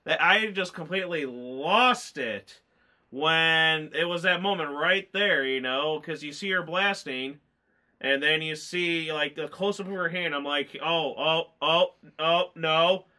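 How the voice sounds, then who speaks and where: Bright-voiced rambling emotional man. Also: a little high, a little slow. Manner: rambling, emotional, lots of fillers. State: tearful, choked up. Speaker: movie reviewer. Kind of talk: casual chat.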